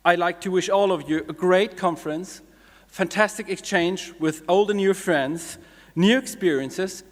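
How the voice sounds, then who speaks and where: A man closing a conference greeting in earnest tones, slowing down for emphasis. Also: a little high. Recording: echoey hall from a stage mic.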